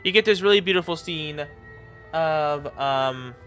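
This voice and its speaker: A man giving casual reaction commentary, rambling and repeating himself with lots of fillers, and quick to laugh and get excited. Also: on the high side, faint music behind. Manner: gets excited and laughs easily. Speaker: YouTube commentator.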